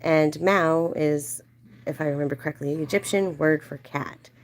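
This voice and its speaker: Low-voiced woman telling a chatty story. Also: normal speed. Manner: chatty, acts out quoted voices in a high playful tone. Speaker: livestream host. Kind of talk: casual storytelling chat.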